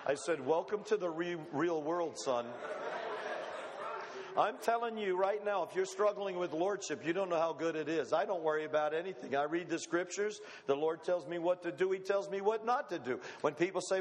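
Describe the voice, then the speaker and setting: Middle-aged male pastor, slightly high voice, homey conversational sermon, long hall reverb. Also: expressive, normal speed. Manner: folksy, conversational preaching with rhetorical questions.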